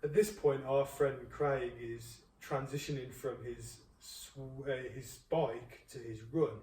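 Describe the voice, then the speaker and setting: A man, the host's friend, telling a story in an animated, casual way. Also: mid-range voice, slow. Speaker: friend of the host. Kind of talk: casual chat. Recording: echoey room, distant mic, faint noise.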